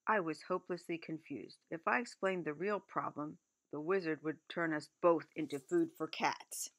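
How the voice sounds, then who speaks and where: A woman reading a picture book aloud, gentle, adding chatty asides about the pictures. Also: low-pitched, normal speed. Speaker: reader.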